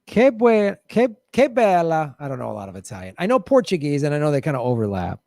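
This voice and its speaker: A man hosting a casual livestream, answering viewer questions with animated commentary and mocking voices. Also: fairly high pitch, fast talker, gravelly, no echo, studio quality. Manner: animated, jumps between mocking voices and mutters.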